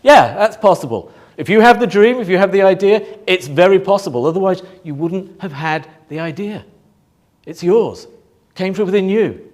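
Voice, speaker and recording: Emphatic high-voiced male motivational speaker. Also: animated, a little mellow. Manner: emphatic, rhetorical questions, dramatic pauses. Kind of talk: motivational talk to a live audience.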